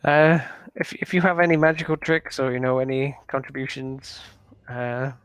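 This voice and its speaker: A man runs a tabletop game as game master, easygoing and open to the players' ideas. His voice sits at an ordinary middle pitch. He invites the players to chip in. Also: normal speed, fairly bright tone, clean tone, dry recording, rough recording. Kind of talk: running a tabletop game online.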